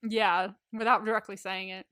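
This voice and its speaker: A woman's voice: medium pitch, flat delivery, normal speed, pushed and bright, no echo, studio quality. A woman co-hosting a podcast, chatting and rambling as she recaps a film. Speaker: podcast co-host. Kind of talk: casual chat recapping a film.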